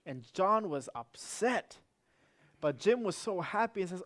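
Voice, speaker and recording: Animated storytelling pastor, a man. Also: high-pitched, measured pace. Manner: animated, swings between loud and hushed. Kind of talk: sermon storytelling.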